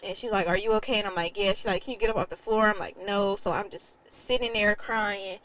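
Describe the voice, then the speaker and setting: A woman's voice: medium pitch, steady tone, fairly quick, a bit bright, rough recording. A young adult woman telling a personal story in a candid, emotional way, with casual swearing. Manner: quotes others in a changed voice. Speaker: vlogger.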